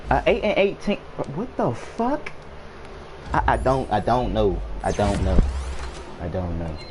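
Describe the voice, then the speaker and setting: A man's voice: on the low side, very animated, normal speed, music in the background. A young man streaming a video game, stunned and profane, repeating himself in drawled slang. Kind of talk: casual live reaction while gaming. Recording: noisy room ambience behind the voice.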